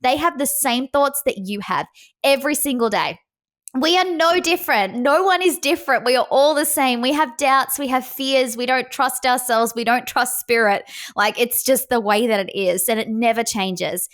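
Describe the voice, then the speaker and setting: A woman's voice: high voice, moderate pace, a bit bright. A young adult woman, a psychic medium, talking candidly in a casual podcast interview, acting out her own inner voice.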